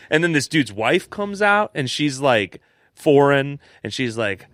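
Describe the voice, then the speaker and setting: A man's voice: normal speed, dry recording, studio quality. A young man co-hosting a casual podcast, telling stories and acting out the people in them with big jumps in his voice. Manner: animated storyteller, acts out quotes with big pitch jumps. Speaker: podcast co-host.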